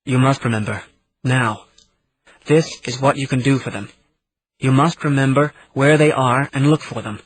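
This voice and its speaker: A man reading an audiobook, voicing a grizzled old man who speaks quietly, gently but firmly. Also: medium pitch, steady tone, moderate pace, slightly rough, lightly acted, rough recording. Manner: quiet, gentle yet commanding.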